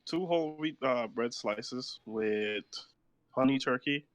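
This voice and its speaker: A man in casual chat, laid-back and halting, often restarting his words. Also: medium pitch, no room sound. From New York.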